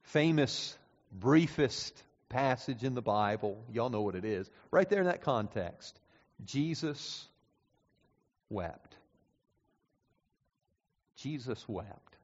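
A male pastor preaching a sermon, moving from quiet, slow passages to loud, climactic ones. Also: medium pitch, expressive. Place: church sanctuary. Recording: dull sound with long reverb in a hall.

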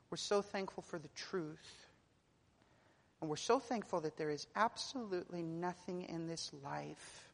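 A woman delivers a sermon in a church sanctuary, her voice sitting fairly low. She presses her points with repeated words and climbs to loud, insistent peaks before sinking to a hush, and a long reverb trails each phrase. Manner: builds to loud, emphatic preaching, then drops soft and low. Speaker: preacher. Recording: long reverb of a large hall.

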